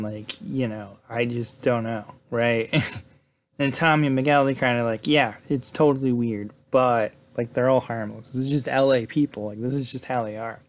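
A man casually recapping a movie's plot, rambling with lots of fillers and tag questions. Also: medium pitch. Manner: rambling, filler-heavy, frequent "right?" and "like"; laughs between lines. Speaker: film recapper.

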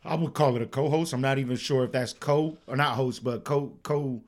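A man's voice: medium pitch, fairly even intonation, a little fast. A young man co-hosting a podcast in casual chat, rambling with stammered restarts and plenty of slang and cursing. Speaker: podcast co-host.

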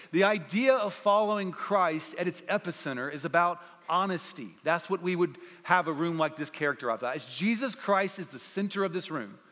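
A man preaching a sermon to a student gathering in an energetic, conversational way that rallies the crowd. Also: fairly high pitch. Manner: energetic, conversational, rallying the audience. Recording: long reverb in a large hall.

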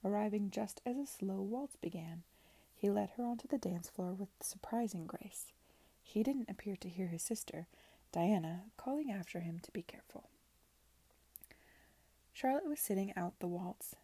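A woman reading a novel aloud softly in a whispered reading. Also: mid-range voice, moderate pace, slightly rough, no echo. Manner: soft, hushed narration. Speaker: reader.

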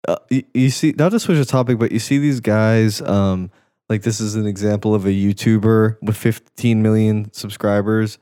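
A man's voice: lowish voice, fairly even intonation, normal speed, dark tone, clean tone, dry recording, studio quality. A young man co-hosting a podcast, chatting in a loose, rambling and profane way, often trailing off mid-thought. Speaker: podcast co-host. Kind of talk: casual chat.

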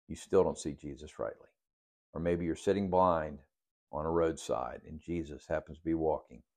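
A man's voice: sits low, a little mellow. A man teaching a Bible passage in a sermon, working through numbered study questions with frequent restarts. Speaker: pastor leading a Bible study.

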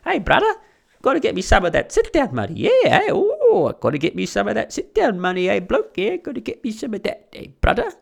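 A high, whooping, drawling put-on voice done by a man, mocking an idle welfare claimant. It jumps far above his normal talk, with a gravelly edge and a swooping, lively lilt. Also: brisk, exaggerated voice.

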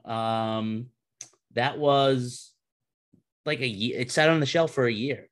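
A man hosting a casual podcast chat, animated and quick to laugh as he prods his co-hosts. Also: mid-range voice. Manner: animated, laughs often, eager prodding. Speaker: podcast host.

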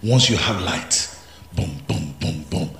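A man preaching a sermon as pastor, swinging from hushed asides to shouted climaxes. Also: deep voice, expressive, slow pace, reverberant, faint music behind.

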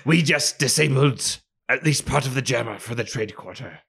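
A man with a deeply gravelly, rough voice, speaking in character during a tabletop game. He talks hesitantly, with many fillers and restarts. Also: moderate pace, a bit bright. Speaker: player.

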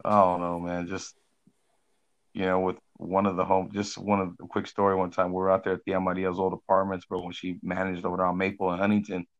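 A man with a deep, gravelly voice spinning rowdy stories from the old days. He talks in a loose, profane way, full of slang and swearing, and his delivery gets animated as the stories build. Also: fairly quick, lo-fi sound. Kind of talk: casual storytelling.

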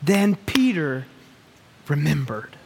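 Slow, pleading male preacher in a hall. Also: on the high side, very animated, vocal fry, darkish tone, a little hiss or hum. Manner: earnest, pleading, with long dramatic pauses. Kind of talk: sermon. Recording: long reverb of a large hall.

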